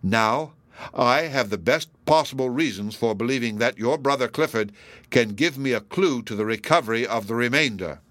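A pompous elderly judge, smug and formidable, laying out his case in measured, formal sentences, as a male reader speaks him. The voice is dry and close, pitched in an ordinary middle range. He sounds utterly sure of himself. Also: a bit bright, no echo, natural voice. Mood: persuasive.

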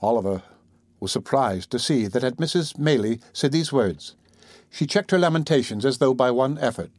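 A man narrating a classic novel as an audiobook, in a measured, even manner. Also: medium pitch, no echo.

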